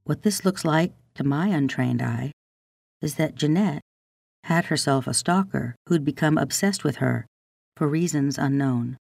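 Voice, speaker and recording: A podcast host reading a scripted true-crime narration in a measured, deliberate way. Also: mid-range voice, vocal fry, darkish tone, no room sound. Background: faint guitar music.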